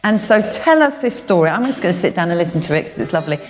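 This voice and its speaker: A woman's voice: on the low side, very animated, racing. A woman hosting, encouraging a guest to share her church testimony. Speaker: host interviewing a church member. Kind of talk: church interview. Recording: echoey hall, faint background noise.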